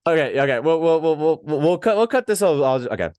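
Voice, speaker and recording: A man's voice: fairly high pitch, sing-song, fairly quick, darkish tone, smooth, no echo. Laid-back man hosting an interview. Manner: laid-back, laughs easily. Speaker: podcast host. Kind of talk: casual interview chat.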